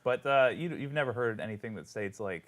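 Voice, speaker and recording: A man runs a tabletop game in a loose, unhurried voice. He narrates the scene with frequent fillers and restarts. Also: medium pitch. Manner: relaxed, hesitant, many fillers. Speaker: game master.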